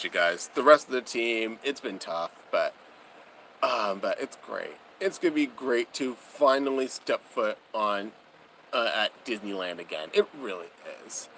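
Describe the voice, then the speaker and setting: A young man chats through a casual livestream in a bubbly, gushing way and laughs often. His voice is bright and very lively, with a faint hum of noise behind him. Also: medium pitch, poor audio. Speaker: livestream host.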